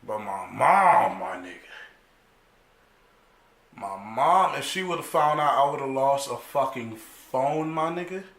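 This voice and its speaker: A young man telling a story casually, animated and profane, full of slang, acting out other people's lines. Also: medium pitch, slow pace. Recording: echoey room.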